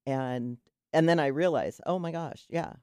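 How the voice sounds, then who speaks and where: A middle-aged woman chats on a radio talk show, rambling warmly from one story to the next with frequent restarts. Her voice is recorded close and dry, with no room sound around it. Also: low-pitched, unhurried, smooth, no room sound. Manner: chatty storyteller, trailing restarts. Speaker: guest, cold-water swimmer. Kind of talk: casual radio chat.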